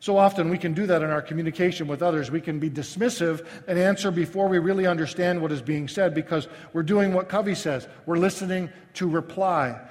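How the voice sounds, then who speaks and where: High-voiced male pastor preaching casually. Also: long reverb tail. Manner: conversational, self-deprecating, halting restarts. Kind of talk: sermon.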